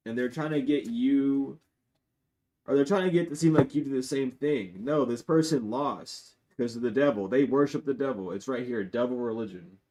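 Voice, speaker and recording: Reading tarot for an audience on a livestream, a man talks bluntly and swears freely. He alternates between loud bursts and quiet, muttering asides.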